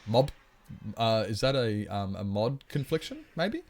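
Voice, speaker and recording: A man's voice: lowish voice, very animated, unhurried, darkish tone. A man livestreaming a game, talking casually and at length while answering his chat. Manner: rambling, chatty, explains at length; reads and answers chat comments.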